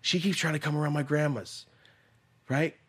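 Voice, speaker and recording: A young adult man hosting a podcast, telling stories in a profane, animated way, moving from low muttering to loud bursts. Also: moderate pace, breathy edge. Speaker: podcast host. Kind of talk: casual storytelling chat. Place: podcast studio.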